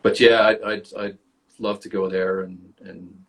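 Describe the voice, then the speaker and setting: A Canadian actor, guesting on an interview podcast, speaks in a lowish, flat voice at an unhurried pace. He tells casual stories, acts out the quotes, and swears freely.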